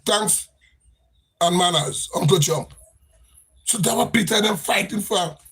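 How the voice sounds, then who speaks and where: A man's voice: high voice, measured pace, a bit bright, breathy edge. A man with a Grenadian accent giving an impassioned, repetitive political rant on a livestream. He talks with a sing-song cadence. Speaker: livestream host.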